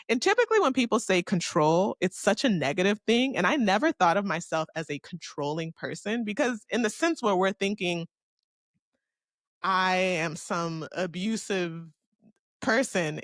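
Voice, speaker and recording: Recorded in a clean studio with no echo, a young woman from Miami, Florida speaks at a medium pitch while hosting her solo podcast. She tells a story in a frank, chatty way, swearing freely and talking to herself.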